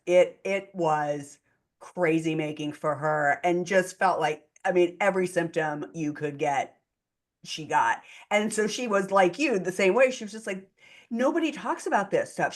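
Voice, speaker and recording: A woman co-hosts a podcast with a slightly low voice. She talks in an animated, casual way, tossing in quick asides and easy laughter. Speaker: podcast co-host. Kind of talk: casual interview chat.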